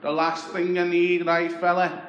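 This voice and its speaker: A man's voice: high voice, completely flat delivery, measured pace, fairly bright tone, roomy sound, muffled recording, slight background noise, voice pushed up. A man doing a wheedling chummy beggar bloke. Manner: wheedling, chummy, repeats fella. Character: wheedling local male beggar.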